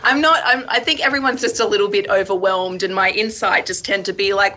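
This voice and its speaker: Brief: woman, bright tense tone, wry comic asides. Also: mid-range voice, fairly quick, hardly any pauses. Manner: wry, sweary humor. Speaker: guest. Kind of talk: casual chat.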